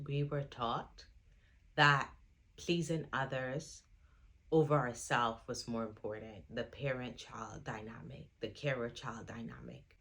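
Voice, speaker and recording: A woman's voice: a bass voice, fairly even intonation, takes it slowly, a bit bright, a little hiss or hum. A woman who is a trainee psychotherapist, giving a motivational self-help talk to viewers in an earnest, reassuring way, repeating affirmations.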